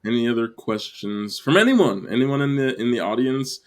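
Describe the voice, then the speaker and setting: A man's voice: medium pitch, animated, moderate pace. A man hosting a casual theater panel chat, rambling with restarts and laughter. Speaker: podcast host.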